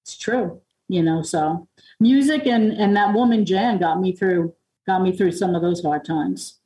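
A woman's voice: lowish voice, a little slow, warm tone. A middle-aged woman from Long Island, a podcast guest telling personal stories in a rambling way, full of fillers and restarts. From Long Island, New York. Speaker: podcast guest, music producer and author. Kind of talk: candid personal storytelling. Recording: roomy and distant from the mic.

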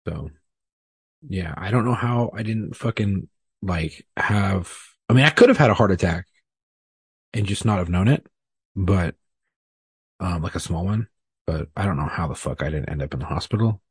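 A man with a low, deeply husky voice tells his story in a loose, profane, rambling way, often joking at his own expense. The sound is close and dry, with no room around it. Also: expressive, moderate pace, long pauses, dry recording. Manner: profane, rambling, self-deprecating. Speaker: podcast guest. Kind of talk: casual storytelling.

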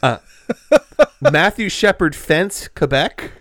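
A man's voice: high-pitched, very animated, slow, fairly bright tone, no room sound, clean studio sound. A man co-hosting a comedy podcast, teasing his partner and laughing often. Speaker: podcast co-host. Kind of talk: casual comedic podcast banter.

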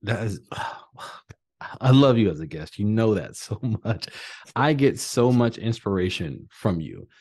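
A man's voice: on the low side, lively intonation, measured pace, darkish tone, slightly rough. A man hosting a podcast interview, enthusiastic and acting out quoted thoughts as he talks. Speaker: podcast host. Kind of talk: conversational interview.

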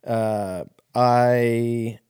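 A man's voice: mid-range voice, steady tone, extremely slow, a little mellow, clean tone, dry recording, studio quality. A man in his thirties telling a casual, rambling, profane story as a podcast host.

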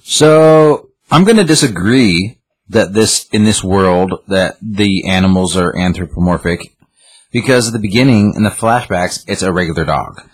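A man chatting casually with friends, low-pitched and husky. He is animated and acts out his own reactions as he talks. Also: moderate pace. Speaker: podcast co-host reviewing a comic. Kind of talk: casual chat.

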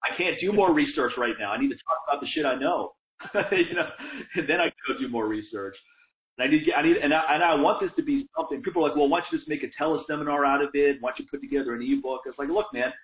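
A man's voice: fairly high pitch, fast. A man talking in a casual, profane, fired-up way, swearing often and laughing as he talks. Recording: tinny phone-like echoey sound.

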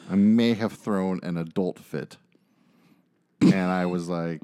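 A man in his thirties holds forth in a casual podcast chat, venting through a story with plenty of swearing and big emphasis. His voice sits a little low. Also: slow, pauses often. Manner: animated, profane ranting storyteller. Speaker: podcast co-host.

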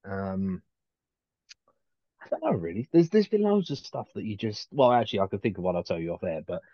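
A man's voice: on the low side, very animated, fairly quick, no echo, lo-fi sound. A man co-hosting a podcast, rambling through casual chat with lots of restarts and fillers. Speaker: podcast co-host.

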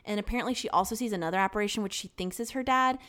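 A woman's voice: mid-range voice, racing, fairly bright tone. A woman in casual chat, recapping a movie and acting out the characters' lines. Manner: chatty, acts out characters' lines. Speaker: podcast co-host.

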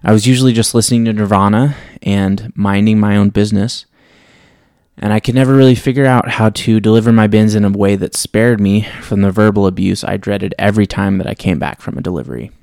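A low-pitched man with a gravelly, creaky edge hosts a podcast and reads a story from his own life. He tells it in a reflective, wry way, and the sound is dry and close with no room behind him. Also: fairly even intonation, brisk, a little mellow, no echo. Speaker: podcast host. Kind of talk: reading a personal story aloud, then casual sign-off.

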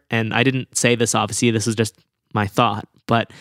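Podcast host guy, chatty and animated, telling a funny story, dry close sound. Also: fairly low pitch, moderate pace, no echo. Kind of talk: casual podcast chat.

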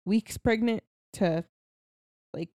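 A woman's voice: slow pace, no echo, clean studio sound. A woman in her thirties, a podcast co-host, telling stories in casual chat from a small cabin. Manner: animated storyteller, jumps to a high shriek when quoting her son.

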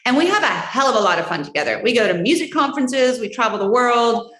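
Speaking in a somewhat high, sing-song voice, a forty-something woman is a guest answering interview questions casually and from the heart; she's warm and quick to get emotional. The recording is rough, in an echoey room.

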